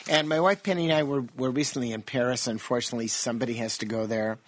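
A man's voice: mid-range voice, quick pace, noisy background. An American man talking casually on a radio show as a nutrition guest, chatty and jokey. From United States. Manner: chatty, jokey, animated storyteller.

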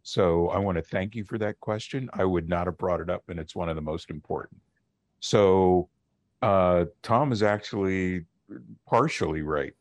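A man who is a linguist guest, explaining on a call-in radio show in a measured, lecturing way with pauses. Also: sits low, no echo.

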